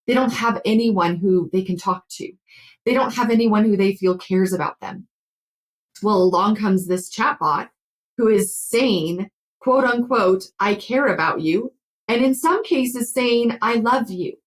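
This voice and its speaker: A woman counselor speaking as an interview guest, her voice sitting at a middle pitch. She explains her ideas in a warm, conversational way, padding her sentences with casual fillers. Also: unhurried, low-quality recording.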